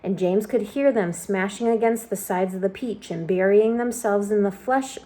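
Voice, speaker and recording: A woman reading a children's book aloud with expressive storytelling narration. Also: mid-range voice, normal speed. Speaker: storybook reader.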